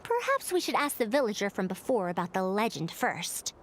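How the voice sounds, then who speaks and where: An actress playing a proud, sharp-minded female scholar of old machines in a video game, measured, confident and a bit formal. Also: mid-range voice, wildly swooping pitch, a little hiss or hum. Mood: curious.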